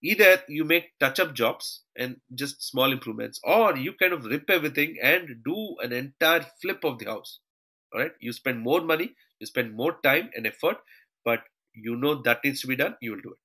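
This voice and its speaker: This online trainer has a medium-pitched, animated voice with a sharp edge, moving at a moderate pace through his live screen-shared class. Addressing students as "team," he keeps punctuating points with "okay" and "all right," all captured on a rough recording.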